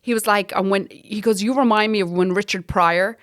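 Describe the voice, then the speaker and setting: A woman with an Irish accent, a comedian guest in a casual chat, telling lively stories, swearing freely and laughing often. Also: mid-range voice, brisk. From Ireland.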